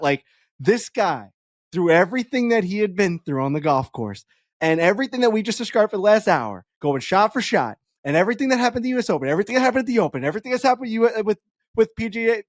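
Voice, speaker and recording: A man co-hosting a golf podcast, telling stories in an animated, laughing way. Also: dry recording. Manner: animated storyteller, swinging pitch. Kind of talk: casual chat.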